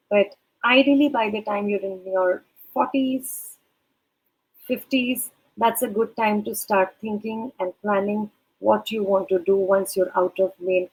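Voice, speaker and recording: A woman with a slightly husky voice at a middle pitch gives career advice. She speaks in a measured way and talks straight to the listener. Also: a little mellow, rough recording. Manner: measured, advising, addresses listener directly. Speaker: career advisor. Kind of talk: advice talk.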